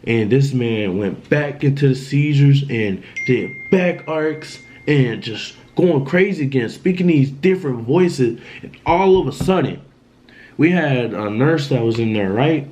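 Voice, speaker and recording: A man's voice: medium pitch, animated, unhurried, a little mellow, lo-fi sound, a little hiss or hum. A man telling a dramatic story in a casual storytime vlog, in loose slang, often repeating himself. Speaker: vlogger.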